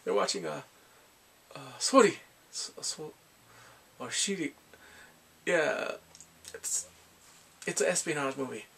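A man giving a casual spoken drama review, retelling scenes in an animated way and acting out the characters' lines. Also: a little high, a little slow, gravelly, long pauses, slightly rough.

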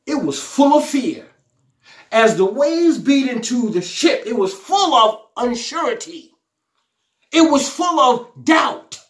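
Pitched extremely high, a man's sermon rings through a roomy-sounding space. He exclaims fervently, says his lines again and again, and pleads as he acts out and paraphrases scripture aloud.

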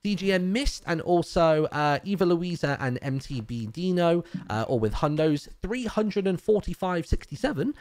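A British man reading out donor names and messages on a charity game stream, brisk with filler ums. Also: a little high, expressive, darkish tone, dry recording. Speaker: livestream donation reader.

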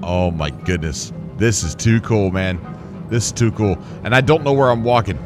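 A man hosting a gaming channel who gives casual gameplay commentary, excitable and rambling and often laughing. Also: on the low side, moderate pace, over music.

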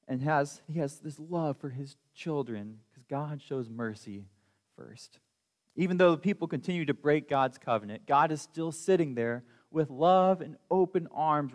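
A young man, a student preacher, giving a sermon in a conversational, earnest way and reading scripture aloud. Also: a little high. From United States. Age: young adult. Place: church sanctuary. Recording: long hall reverb.

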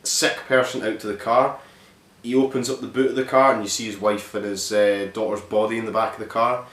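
A man's voice: fairly low pitch, fairly even intonation, a little fast, fairly bright tone. A man casually retelling a film's plot as a reviewer, rambling and swearing, with lots of "like" fillers. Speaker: film reviewer. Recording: roomy echo.

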